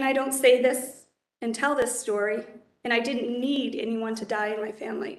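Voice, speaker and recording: Earnest woman in her fifties, even-toned. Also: a little high. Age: 50s. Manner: earnest, measured, emotional. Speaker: judicial nominee. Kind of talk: formal prepared testimony. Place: council hearing chamber. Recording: echoey hearing room.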